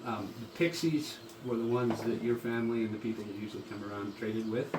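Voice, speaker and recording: A man narrating as game master, relaxed and halting, with frequent pauses. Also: fairly low pitch. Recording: distant, echoey room with loud background noise.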